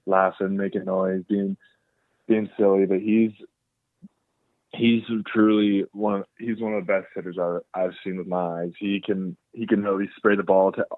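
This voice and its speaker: A young man from Canada, a drafted ballplayer, answering interview questions by phone in a soft-spoken way, often repeating words. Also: low-pitched, flat delivery, moderate pace, dry recording. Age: young adult. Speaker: drafted baseball player, guest. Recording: tinny phone line.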